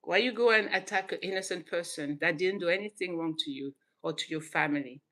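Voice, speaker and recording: A channel host from Senegal who grew up in southern France talks to camera in a relaxed way, her voice fairly low and brisk. Animated and quick to laugh, she often starts her sentences over.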